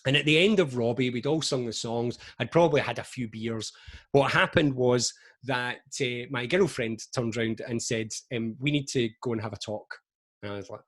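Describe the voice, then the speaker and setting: A man in his forties, a motivational speaker, telling stories to camera on a video call in a chatty, lively way full of asides. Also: mid-range voice, moderate pace. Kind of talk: energetic motivational talk to camera.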